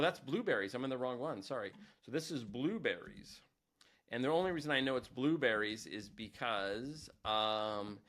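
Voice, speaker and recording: A man's voice: fairly low pitch, a bit bright. A man, a teacher, giving a casual screen-recorded tutorial, chatty and self-deprecating, thinking aloud as he goes.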